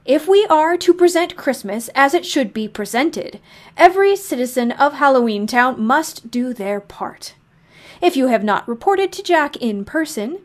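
With a high-pitched, gleeful announcer delivery, a woman voices a jolly yet ghoulish monster broadcasting a pretend radio program from under the bed, savoring every morbid detail in measured tones.

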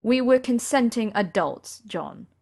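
A woman's voice: a little high, animated, a little slow, gravelly, darkish tone, voice pushed up, heavily acted. A woman reading an audiobook voices an aloof, proud young man in pain, with a dry, clipped manner. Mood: guarded.

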